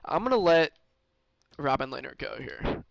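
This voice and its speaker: A man's voice: a little high, sing-song, moderate pace, vocal fry, no echo, poor audio. A man streaming a hockey management game, thinking aloud in casual commentary with many fillers and restarts. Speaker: gaming streamer.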